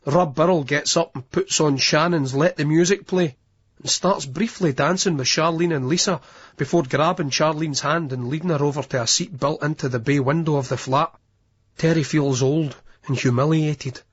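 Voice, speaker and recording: A man narrating an audiobook in a steady storytelling manner, in a dull lo-fi recording. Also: fairly high pitch, moderate pace, breathy edge. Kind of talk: scripted narration.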